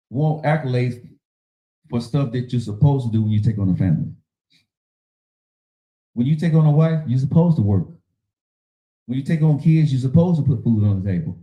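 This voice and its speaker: A man's voice: mid-range voice, roomy sound, highs cut off. A man hosting a casual relationship talk show, preaching in an emphatic, slangy way. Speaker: podcast host.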